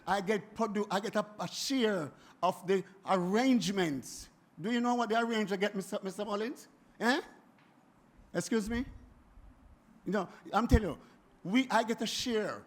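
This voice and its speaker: A Jamaican man in his seventies, speaking at a forum in an animated, emphatic way that keeps circling back and repeating itself. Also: high-pitched, normal speed. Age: 70s. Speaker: music producer speaking at a forum. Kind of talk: impassioned spoken address.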